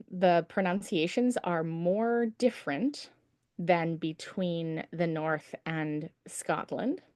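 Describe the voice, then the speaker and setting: Singing teacher, woman, slow and patient, mellow tone, dry video-call sound. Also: on the low side, no room sound. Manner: patient, encouraging, explains slowly. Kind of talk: online singing lesson. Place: home setup on a video call.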